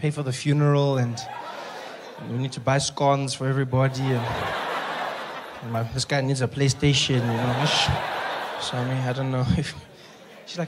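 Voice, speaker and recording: A man telling a stand-up story, acting out other voices and rising to shouts. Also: mid-range voice, little pitch movement, moderate pace, long pauses, noisy background. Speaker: stand-up comedian.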